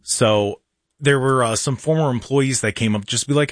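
A man's voice: on the low side, fairly quick, dry recording, studio quality. A man hosting a casual talk show, chatting in a rambling way with many restarts and fillers. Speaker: show host. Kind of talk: casual live-stream show chat.

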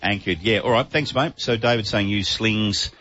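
A man hosting a casual radio chat, easygoing and quick to laugh. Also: fairly low pitch, bright, forceful tone. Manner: chatty, laughs easily. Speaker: radio host. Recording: muffled radio broadcast audio.

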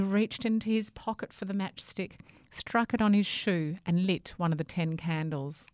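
A woman narrating a children's storybook aloud, slow and expressive. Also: medium pitch, no echo, clean studio sound.

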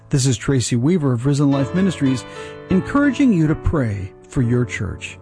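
A man hosting a short radio prayer program, leading listeners in an earnest, measured spoken prayer. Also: medium pitch, sing-song, music in the background. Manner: earnest, measured praying cadence.

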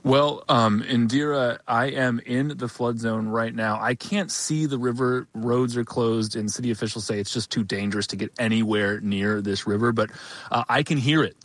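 A man reporting live from a flood zone, measured, with occasional fillers and restarts. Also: mid-range voice, fairly bright tone, no echo. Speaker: field reporter. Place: outdoors near a flood zone.

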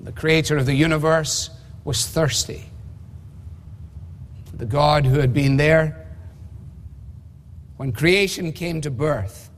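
A man preaching an expository sermon in a measured, emphatic way, often asking rhetorical questions. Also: fairly high pitch. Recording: long reverb of a large hall.

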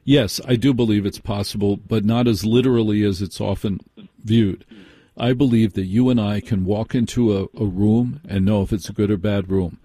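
A man hosting a late-night radio call-in show from a studio, measured and emphatic, repeating phrases for effect. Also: lowish voice, mellow, slightly rough, no room sound. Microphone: studio microphone.

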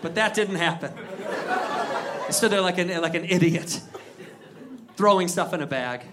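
A man's voice: high voice, measured pace. A man performing a stand-up comedy set before a live audience, telling a story animatedly and acting out the characters. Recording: live show with crowd and noise. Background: audience laughter.

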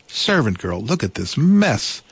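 A man's voice: sing-song, unhurried, vocal fry, breathy edge, exaggerated voice. A man voicing a spoiled, bossy young princess who sneers at a servant girl. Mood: sneering. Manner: sneering, shrill when screaming.

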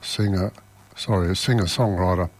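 Husky radio host, low voice. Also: male voice, moderate pace. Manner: rambling, self-deprecating, stumbles over words. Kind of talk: casual radio chat. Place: community radio studio.

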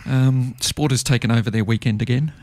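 A man presenting community radio in relaxed on-air chat, laughing often and rambling with fillers. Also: medium pitch, fairly quick, dry recording.

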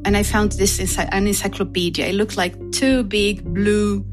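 A woman's voice: mid-range voice, normal speed, music in the background. A woman from Brazil, an opera singer, telling her story in an interview and acting out the dialogue in different voices. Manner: lively, acts out dialogue in voices.

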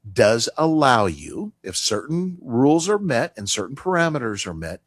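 An animated man hosts a radio finance program, his pitch swinging freely as he stresses each point. He sounds close and dry on a studio microphone, conversational and emphatic. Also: a little fast, no room sound. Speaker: radio finance show host. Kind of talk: radio talk show monologue.

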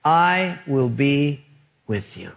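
A man voicing God, speaking slowly and softly with calm reassurance. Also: mid-range voice, creaky, full character voice. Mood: reassuring. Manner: slow, soft, reassuring.

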